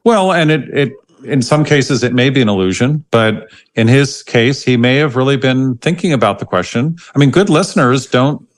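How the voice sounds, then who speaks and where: Steady, agreeable male host. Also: mid-range voice, normal speed, hardly any pauses. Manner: steady, agreeable, frequent affirmations. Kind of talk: casual conversational interview.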